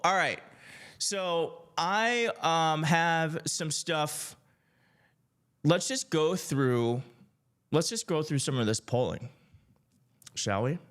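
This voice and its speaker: A man from Michigan hosting a political live stream, chatting casually and excitedly with his viewers. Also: fairly high pitch, slow pace, pauses often. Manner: upbeat, hyped, addresses chat directly, laughs often. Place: home setup in D.C.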